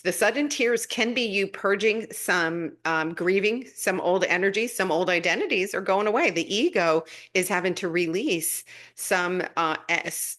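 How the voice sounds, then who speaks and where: A middle-aged woman with a slightly low voice hosts a casual spiritual live stream. She answers viewer comments in an easy, rambling way. Now and then she leaps up into high, gushing asides. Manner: warm, gushing, breaks into excited high-pitched asides. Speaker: spiritual guidance host.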